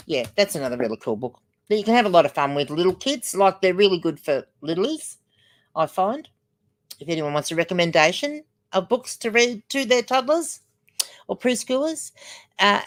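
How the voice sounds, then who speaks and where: A woman's voice: on the low side, expressive, normal speed. An older woman hosting a casual livestream, chatty and rambling as she reads out viewer comments. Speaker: livestream host.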